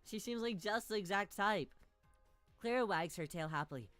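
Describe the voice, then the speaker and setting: With lively intonation, a fairly bright tone, and a normal pace, a woman streams a visual novel against soft background music with no echo. She reads the dialogue out loud and jokes playfully, giggling and suddenly squealing high, as casual let's-play commentary.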